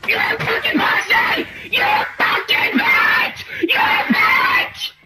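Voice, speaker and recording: A man livestreaming a game, cursing and yelling in angry bursts at his own gaming mic. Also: takes it slowly, over music, a crowd in the background. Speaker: livestreaming gamer. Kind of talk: shouting rage while streaming a game.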